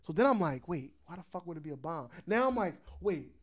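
Man, podcast host, casual storytelling, animated, laughs a lot, swears freely. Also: fairly high pitch, a little fast.

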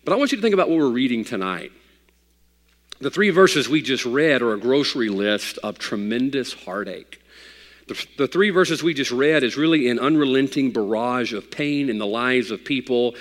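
Guy preaching in church, folksy stories then gets loud and fired up, lots of hall echo. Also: mid-range voice, lively intonation, normal speed. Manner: folksy storytelling, rising to emphatic preaching. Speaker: pastor. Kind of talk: sermon. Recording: long hall reverb.

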